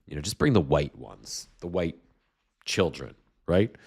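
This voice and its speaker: A man's voice: a bass voice, animated, measured pace, creaky, a little mellow, husky. A man hosting a casual live political commentary stream, sarcastic and rambling with restarts, still getting over a cold with a slight cough. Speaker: livestream host.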